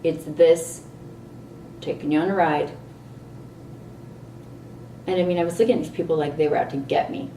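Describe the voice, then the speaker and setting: A middle-aged woman vlogging a candid personal story, animated and exasperated at times. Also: low voice, normal speed, pauses often, slight background noise. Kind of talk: personal reflective monologue. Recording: roomy echo, distant mic, faint ambience.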